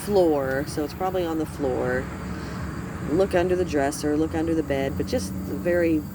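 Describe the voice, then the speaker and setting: A woman's voice: deep voice, moderate pace, background noise. Rambling, chatty middle-aged woman. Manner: chatty, swears freely, self-interrupting. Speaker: vlogger. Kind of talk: rambling casual storytelling to camera.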